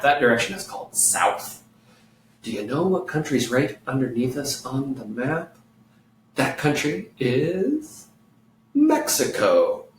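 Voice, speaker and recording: A man teaching a children's music lesson, playful and clear, singing along with his guitar. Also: medium pitch, a bit bright, slight background noise. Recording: echoey room, mic far off, guitar playing.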